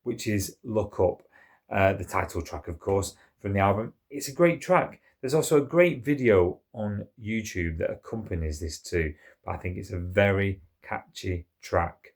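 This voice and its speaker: A man's voice: lowish voice, moderate pace, vocal fry, slightly rough. A man hosting his own music channel, chatting enthusiastically through an album review track by track, with plenty of "uh" and "um" and questions to his viewers. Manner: asks viewers questions and invites comments. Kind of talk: casual solo album review to camera.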